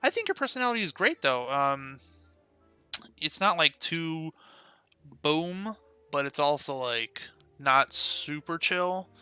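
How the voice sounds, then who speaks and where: Man, young, casual streamer chat, laughs a lot, slightly high voice, bright tone. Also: expressive, takes it slowly, clean tone, no echo, faint music behind. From United States. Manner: chatty, laughs often, talks to viewers. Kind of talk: casual live-stream chat while playing.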